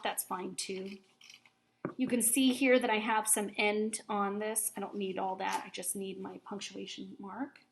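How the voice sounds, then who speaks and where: A woman teacher giving a recorded grammar lesson for children, explaining patiently, clearly and step by step. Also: mid-range voice, normal speed, noisy background.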